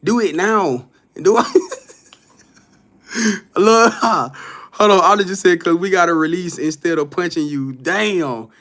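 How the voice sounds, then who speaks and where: A man talks casually to his live-stream audience, answering their comments one by one. His voice sits high and sounds bright and forceful. He is loose and profane, and he often laughs as he reacts. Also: takes it slowly, pauses often. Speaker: livestream host reading viewer comments.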